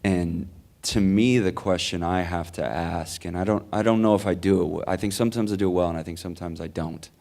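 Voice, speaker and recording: Low-voiced male speaker, earnest and rambling Q&A answers, lots of "like"s. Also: fairly even intonation, brisk, gravelly, darkish tone. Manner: earnest, rambling, many likes and restarts. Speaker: conference speaker. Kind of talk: Q&A answer, storytelling. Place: conference hall.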